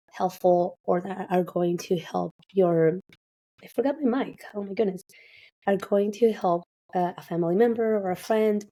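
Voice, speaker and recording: A woman hosts a podcast with a raspy, worn voice after losing it. She talks casually, looping through fillers and restarts. Her tone is dark and mellow. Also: fairly low pitch. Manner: informal, many fillers and restarts. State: raspy, partly lost voice. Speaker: podcast host, registered dietitian.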